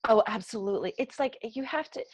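Animated South Jersey woman, dry sound. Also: on the high side, brisk, slightly rough, dry recording. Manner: earnest and animated, talks through examples. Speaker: meditation guide, guest. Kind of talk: podcast interview.

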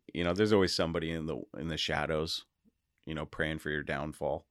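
A man hosting his own podcast, talking casually and excitedly to his listeners and often laughing. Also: extremely low pitch, fairly quick, no echo, studio quality. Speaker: podcast host. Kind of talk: casual solo podcast monologue.

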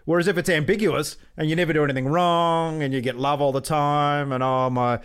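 A thoughtful podcast co-host who muses aloud and cracks light jokes. His voice sits a little higher than most men's. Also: fairly even intonation, brisk, a crowd in the background. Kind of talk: casual chat.

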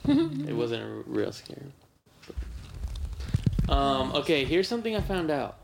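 A man's voice: medium pitch, wildly swooping pitch, measured pace, vocal fry, background noise. A man in casual chat with friends, teasing them and sharing fun facts.

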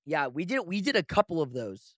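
A man hosting a podcast, telling animated stories with acted-out quotes and frequent laughter. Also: on the high side, fairly quick, no room sound, clean studio sound. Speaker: podcast host. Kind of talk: casual podcast chat.

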